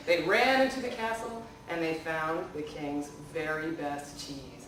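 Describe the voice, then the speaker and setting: Animated library storyteller, woman, reading a folktale to kids; echoey room, voice distant. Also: deep voice, unhurried, hardly any pauses, a little hiss or hum. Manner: animated, asks the audience questions. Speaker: children's storyteller. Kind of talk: storytelling to children.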